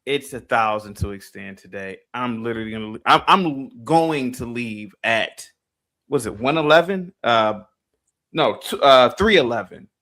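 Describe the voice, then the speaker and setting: A man hosting a live stream, giving quick shout-outs to viewers. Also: mid-range voice. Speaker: streamer host.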